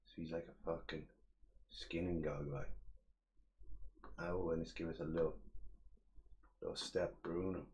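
A man's voice: low-pitched, level tone, measured pace, pauses often, darkish tone, muffled recording. A young man giving a casual live-stream modelling tutorial, muttering his steps aloud, chatting with viewers in slang and swearing freely. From England.

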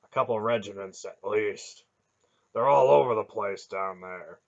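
Guy reading as a blunt suspicious soldier, low forceful voice, muffled lo-fi sound. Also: measured pace, gravelly.

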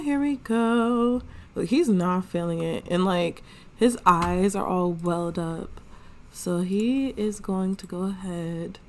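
Female gaming host, relaxed drawl, casual playful narration. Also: lowish voice. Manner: chatty, slangy, narrates characters' thoughts. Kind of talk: casual let's play commentary.

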